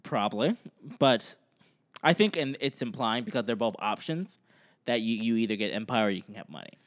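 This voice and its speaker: Brief: young male podcast co-host, mid-pitched, jokey, reads lists aloud. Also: fairly quick. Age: young adult. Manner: joking, laughs often, lists items off. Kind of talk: casual chat, reading quiz options aloud.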